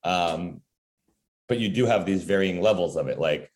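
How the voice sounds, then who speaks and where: A man's voice: low-pitched, moderate pace. A man talking casually as a guest, profane and full of filler words. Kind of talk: casual conversation.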